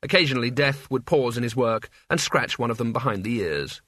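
Bright, wry male audiobook narrator. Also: medium pitch, animated, brisk, breathy edge, dry recording. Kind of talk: scripted narration.

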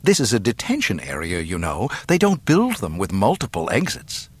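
A man's voice: fairly low pitch, wildly swooping pitch, normal speed, slightly rough, exaggerated voice. A man reading aloud and voicing a proud, bossy young princess in a raised, tart voice.

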